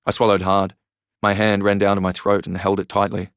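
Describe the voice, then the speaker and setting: A man reading a first-person novel aloud in earnest, measured storytelling. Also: deep voice, completely flat delivery, dry recording, clean studio sound. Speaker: reader. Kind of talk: audiobook narration.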